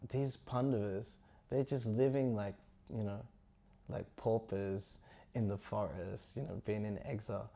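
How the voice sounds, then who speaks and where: A sly adviser plots in a low, hushed voice close to the storyteller's own, as a man acts him out. He is conspiratorial and mocking, with a mellow, dark tone. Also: fairly even intonation, a little slow, vocal fry. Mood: scheming.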